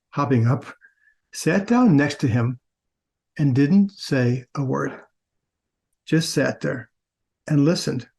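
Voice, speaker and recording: Male host, conversational storyteller, mid-pitched, restarts phrases often. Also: a little mellow. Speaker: podcast host. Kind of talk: casual storytelling, reading aloud.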